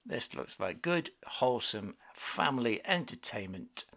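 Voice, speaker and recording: A man co-hosting a casual film podcast, opinionated and quick to rant with exasperation. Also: mid-range voice, very animated, creaky, fairly bright tone. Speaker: podcast co-host.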